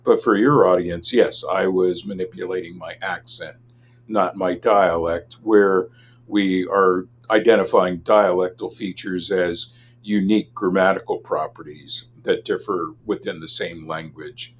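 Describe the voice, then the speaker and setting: Deep-voiced man explaining like a scholar. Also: fairly even intonation, breathy edge. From Los Angeles, USA. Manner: measured, explanatory, academic. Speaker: linguist, guest expert. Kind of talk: interview answers.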